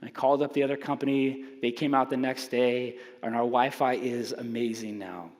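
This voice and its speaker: A man preaching a sermon with humorous storytelling. He is animated and self-mocking, acting out the voices in his stories. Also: mid-range voice, normal speed, in a large hall. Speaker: pastor.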